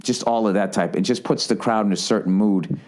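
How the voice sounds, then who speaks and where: A man's voice: fairly low pitch, brisk. Profane, rambling storytelling man. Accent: Boston. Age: 40s. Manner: rambling, profane, animated storytelling with acted-out quotes. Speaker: comedian and podcast host. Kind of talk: casual storytelling monologue.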